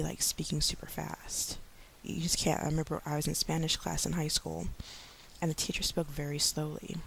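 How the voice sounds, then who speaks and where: A woman in her thirties, an online English teacher, giving chatty tips in a casual vlog with many fillers, slowing down to model speech for young learners. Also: sits low, gravelly, slight background noise. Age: 30s.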